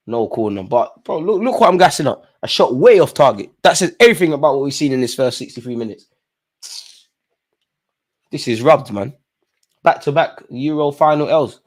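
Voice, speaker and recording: A man hosting a live football watchalong, reacting loudly to the screen with heavy slang and swearing. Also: mid-range voice, lively intonation, brisk. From England. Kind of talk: live match watchalong commentary.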